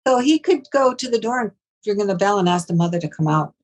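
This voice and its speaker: A woman's voice: mid-range voice, expressive, quick pace, poor audio. A woman guest, a mental health professional, giving advice in an interview, hesitant with many ums and restarts.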